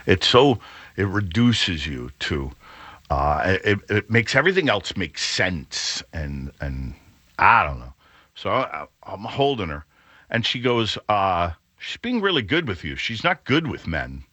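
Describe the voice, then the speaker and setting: A middle-aged man hosting a radio show, telling a rambling story with many fillers and an animated, booming way of talking. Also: a little slow, husky, no room sound, clean studio sound. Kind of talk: storytelling chat.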